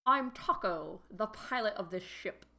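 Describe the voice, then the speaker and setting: A woman's voice: medium pitch, expressive, unhurried, pushed and bright. A woman voicing a polite male space cat pilot, with a weak stab at a Scottish lilt and no real brogue. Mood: polite, formal. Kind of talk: podcast story read-along voicing.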